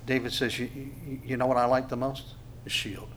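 A man preaching a sermon, earnest and halting, with plenty of stumbles and restarts. His voice sits at a middle pitch, and now and then he surges into loud, stressed lines. A faint hiss of noise runs behind him. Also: flat delivery. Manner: earnest, halting, with many restarts and sudden bursts of emphasis. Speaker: pastor.

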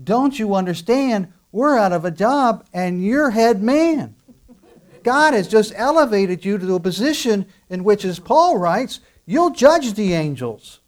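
A man's voice: high-pitched, big pitch swings, measured pace, pitched above the performer's own voice. A man voicing baffled, incredulous angels. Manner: incredulous, raised voice. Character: baffled angels questioning a weeping woman.

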